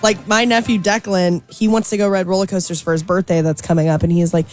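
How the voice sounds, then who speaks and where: A woman co-hosting a radio show, telling animated stories about family kids in casual chat. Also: mid-range voice, fast, few pauses, faint music behind. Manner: animated storyteller. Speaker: radio co-host.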